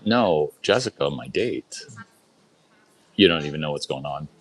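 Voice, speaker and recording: A man's voice: rumbling low, lively intonation, measured pace, a little hiss or hum, rough recording. A man doing crude, boastful stand-up on a club stage, rambling through a story and talking straight to the crowd. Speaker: open-mic performer.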